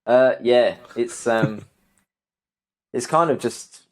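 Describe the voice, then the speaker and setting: A young man, a guest arborist, answering interview questions in a relaxed way with many ums and restarts. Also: mid-range voice, extremely slow.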